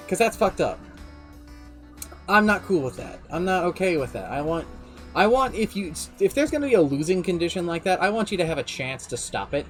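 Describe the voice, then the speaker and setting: Male streamer narrating his campaign, animated, a bit high-pitched, soft music bed. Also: a little fast. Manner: animated, swearing, shifts pace often. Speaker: streamer and game master. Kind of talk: casual storytelling recap. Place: home streaming setup.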